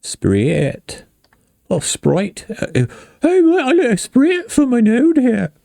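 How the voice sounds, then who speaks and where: Guy doing a silly squeaky accent bit, goofy and way up high, kinda off-mic. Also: huge pitch swings, slow, vocal fry, dark tone, no room sound, studio quality, heavily acted.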